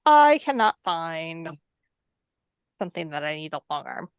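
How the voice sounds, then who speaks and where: A woman's voice: sits low, big pitch swings, a little slow, clean tone, no room sound, lo-fi sound. A woman in casual chat, talking with lots of "like" and fillers. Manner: chatty, many fillers and "like". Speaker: guest.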